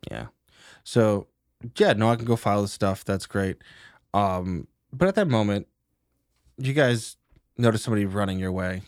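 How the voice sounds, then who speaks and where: Game master, relaxed man, dry close sound, matter-of-fact narration. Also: on the low side, normal speed, long pauses, no room sound.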